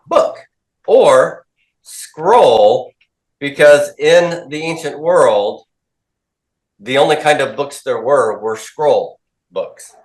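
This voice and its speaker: A man's voice: mid-range voice, expressive, extremely slow, long pauses. A man teaching a class, asking questions, drilling students and repeating their answers back. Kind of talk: classroom lecture with call-and-response drills. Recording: echoey classroom.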